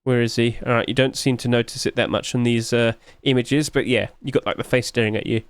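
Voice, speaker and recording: A sleepy man chatting his way through game skin reviews, rambling along with sudden high-pitched exclamations. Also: fairly even intonation, fast, clear, resonant tone, dry recording. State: sleepy, yawning. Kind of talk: casual screen commentary.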